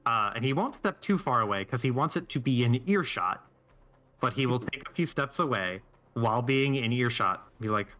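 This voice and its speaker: The same tabletop player talks at normal speed in a medium, slightly bright voice with lively intonation, narrating what his character does. His account wanders, full of fillers and restarts, captured on dull-sounding audio.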